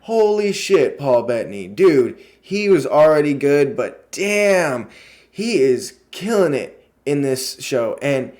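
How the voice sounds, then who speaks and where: An excitable young man reviewing a show in a casual vlog. His voice sits in an ordinary middle pitch, and he rambles and gushes, piling up fillers and cheerful swearing. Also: slow. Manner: lots of fillers and restarts in a gushing delivery.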